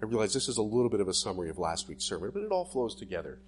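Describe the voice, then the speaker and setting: Animated man preaching a sermon. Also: on the low side, racing, faint music behind. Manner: animated, dramatic voicing of inner thoughts. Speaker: pastor.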